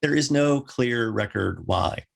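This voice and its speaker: A male minister delivering a sermon, with wry joking asides and lively rising emphasis. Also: mid-range voice, slow pace, vocal fry.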